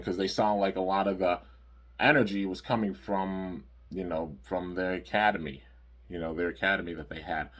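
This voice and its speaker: A man's voice: deep voice, steady tone, moderate pace. A man casually recapping cartoon episodes in a rambling review. He uses lots of fillers and stops to correct himself.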